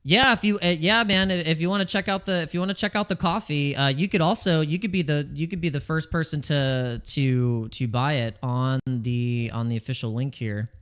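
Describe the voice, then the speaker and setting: A man's voice: fairly high pitch, normal speed, few pauses, a bit bright, clear, resonant tone. A man hosting a casual crypto livestream, joking and rambling, reading chat names and restarting his sentences, wired on coffee. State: over-caffeinated.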